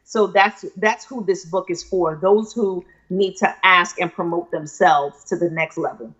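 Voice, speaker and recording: A woman's voice: fairly low pitch, a little slow, fairly bright tone. Confident woman author, muffled audio. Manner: confident, persuasive, speaks like a motivational speaker. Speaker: author being interviewed. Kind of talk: live video interview.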